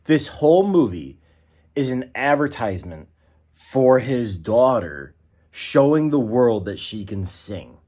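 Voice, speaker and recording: A man's voice: mid-range voice, very animated, takes it slowly, dark tone. A man giving a casual spoken film review, ranting in exasperation and often restarting and using fillers. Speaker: movie reviewer.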